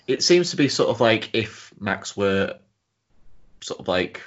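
A man's voice: on the low side, very animated, unhurried, dull audio. A man, chatting casually as a podcast co-host, hesitant and often laughing along. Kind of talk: casual recap chat.

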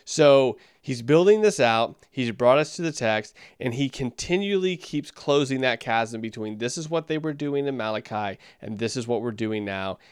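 Clear-voiced man giving casual commentary. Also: lively intonation, normal speed, few pauses, no room sound, clean studio sound. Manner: conversational, with swinging pitch and bursts of speed. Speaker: sermon reviewer.

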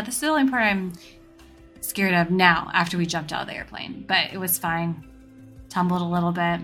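Woman podcast host, casual animated storytelling, does the voices of people she quotes, faint music under it. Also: on the low side.

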